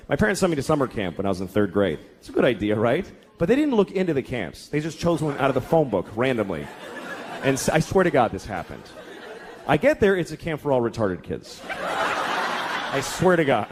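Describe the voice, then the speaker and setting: A man's voice: mid-range voice, sing-song, fairly quick. A man doing a stand-up comedy set, telling stories in a profane, exasperated way. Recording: live club with audience laughter and noise. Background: crowd laughing.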